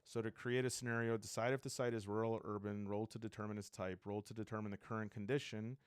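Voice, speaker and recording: A man's voice: fairly low pitch, level tone, fast talker, smooth, no room sound, studio quality. A man casually flipping through and reviewing a tabletop game book, rambling and thinking aloud with enthusiasm.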